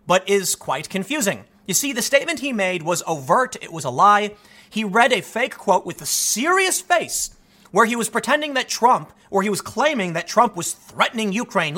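A man's voice: high-pitched, pushed and bright. A man hosting a political commentary show, ranting in an exasperated, sarcastic way.

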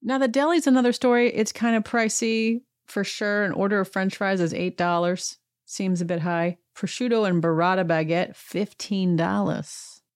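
A woman's voice: medium pitch, fairly even intonation, moderate pace, few pauses, smooth, no echo, studio quality. A woman hosting a podcast, giving a chatty and wry recap of a TV episode. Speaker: podcast host. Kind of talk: casual TV recap monologue.

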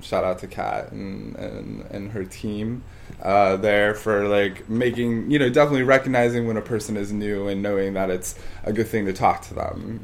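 A man's voice: lowish voice, vocal fry, a little hiss or hum. A man co-hosting a podcast in casual chat, rambling and hesitant with many fillers. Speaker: podcast co-host.

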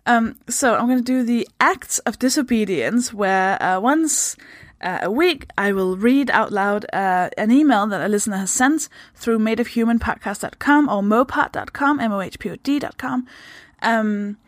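A woman's voice: on the high side, normal speed, few pauses, no room sound, clean studio sound. A woman from Denmark hosting her podcast in a casual, chatty way, giggling and swearing freely. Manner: slips into goofy voices for jokes. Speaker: podcast host.

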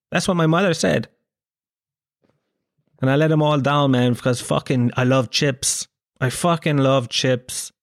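A man in his thirties with an Irish accent, a comedian telling a story in casual chat, animated and swearing freely. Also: mid-range voice, unhurried, long pauses, no room sound, studio quality. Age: 30s. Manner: animated, swearing, acts out quoted voices.

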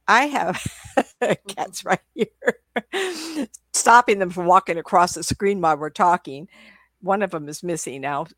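An older woman telling stories as a psychic medium guest on a video call, animated and chatty, often laughing and restarting her sentences. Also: mid-range voice, moderate pace, no room sound, studio quality. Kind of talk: casual interview storytelling.

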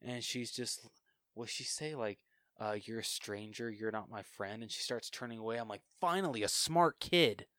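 Man excitedly retelling film scenes. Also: fairly low pitch, normal speed, no echo. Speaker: podcast co-host. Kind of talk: casual chat about a film.

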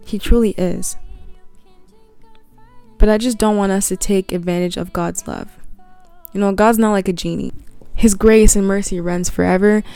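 A woman's voice: mid-range voice, steady tone, normal speed, gravelly, long pauses, warm tone, clean tone, no room sound, soft background music. A young woman hosting a casual Christian podcast, talking earnestly and bluntly with slang and restarts, a little tired. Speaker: podcast host.

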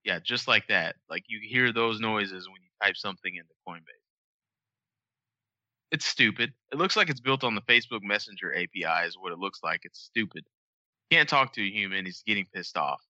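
A man hosting a podcast, ranting in a casual, animated and profane way. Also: on the low side, brisk, dry recording, dull audio. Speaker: podcast host.

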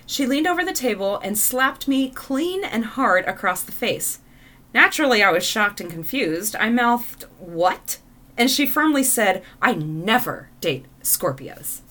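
Female co-host for read-aloud stories; bright tone, slightly high voice. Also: moderate pace. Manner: expressive, laughs often. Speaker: co-host reading listener stories. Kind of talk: reading stories aloud with casual reactions.

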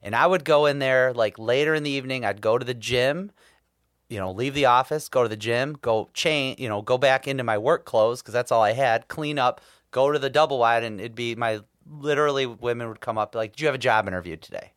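A man, co-hosting a casual podcast. He tells stories bluntly and swears freely, at an everyday middle pitch. The sound is dry and close. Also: fairly quick, a bit bright, no room sound. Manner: blunt and profane, storytelling. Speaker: podcast co-host. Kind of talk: casual chat.

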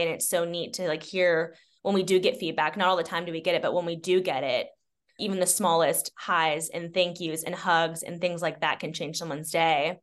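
A woman's voice: fairly low pitch, fairly bright tone. A young woman, a cycling studio owner, answering interview questions in a casual, upbeat way with frequent laughs. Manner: upbeat, laughs often, filler-heavy.

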